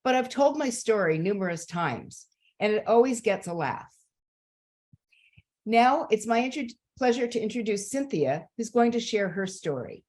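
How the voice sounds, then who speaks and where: A woman in her sixties, a former nurse, reading her personal story aloud on stage in a measured, earnest way with gentle humor. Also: mid-range voice, animated.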